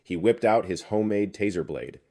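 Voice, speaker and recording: A man with a very low voice narrates a comic recap. His read is scripted yet chatty and full of slang. He keeps a steady storytelling pace. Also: normal speed.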